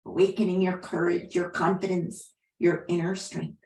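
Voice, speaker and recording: A woman yoga teacher guiding a class with gentle, unhurried cues and soft affirmations. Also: lowish voice. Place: class room. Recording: roomy echo.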